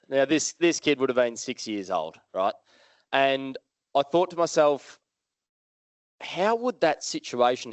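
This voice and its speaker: Lively Australian man telling a story. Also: mid-range voice, no echo, dull audio. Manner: lively, conversational, asks the audience questions. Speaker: motivational speaker. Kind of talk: live keynote storytelling to an audience. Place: live event hall with audience.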